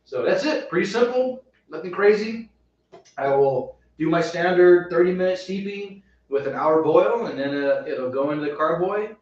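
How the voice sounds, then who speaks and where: A man walks through his brewing plans in a relaxed, rambling chat, restarting his phrases as he goes. He sits well back from the mic. The room is very echoey and the sound is dull. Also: high voice, moderate pace. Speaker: homebrewing show host. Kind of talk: casual chat. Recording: roomy, distant, dull sound.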